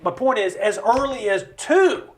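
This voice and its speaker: A man leads a studio conversation. His voice sits high for a man, and he talks in an emphatic, preacher-like way. He acts out the quotes he cites. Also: animated, a little slow. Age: 50s. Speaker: host. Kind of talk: conversational podcast talk, preaching-style. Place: recording studio.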